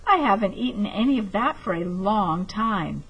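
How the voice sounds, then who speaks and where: A woman voicing a friendly, polite male dinosaur in a children's storybook, speaking slowly and calmly with a husky voice. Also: mid-range voice, muffled recording, a little hiss or hum, natural voice. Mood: gracious.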